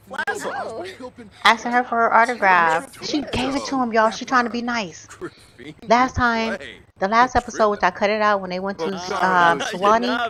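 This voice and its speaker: A woman giving animated, chatty commentary over her gameplay, often calling out to her viewers. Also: mid-range voice. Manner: animated, gasping, chatty, addresses viewers as y'all. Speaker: gaming YouTuber. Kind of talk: casual let's-play commentary.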